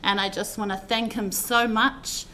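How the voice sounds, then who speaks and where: A woman's voice: mid-range voice, fairly even intonation, measured pace, sharp tone, slight background noise. A woman telling personal stories in a heartfelt, rambling eulogy, with many fillers as she speaks. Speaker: family member giving a tribute at a funeral service.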